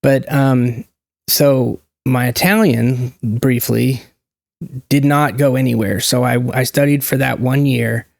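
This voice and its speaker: A man's voice: medium pitch, steady tone, slow pace, gravelly, darkish tone, dry recording, studio quality. A man hosting his own channel, talking in a loose, rambling monologue with joking asides that break off and restart mid-thought. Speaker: channel host. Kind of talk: casual monologue.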